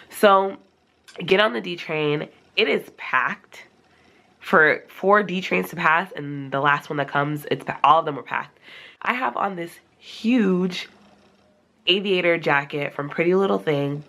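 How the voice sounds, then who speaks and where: A young woman telling a casual storytime, acting out her own reactions in a high, animated voice. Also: moderate pace, vocal fry. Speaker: vlogger.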